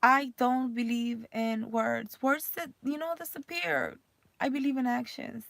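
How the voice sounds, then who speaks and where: A woman's voice: fairly high pitch, lively intonation, a little slow, creaky, a bit bright, no room sound. A woman in her thirties, a mother, talking candidly in a rambling personal vlog full of fillers. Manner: emotional, voice rising and cracking near tears.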